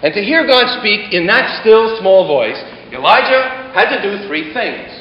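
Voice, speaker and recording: Male preacher, high lively voice, dramatic swells and hushes, echoey hall. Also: a little slow. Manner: dramatic, swelling emphasis and sudden hushed drops. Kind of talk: sermon. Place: large hall before a congregation. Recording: echoey hall, muffled, faint hiss.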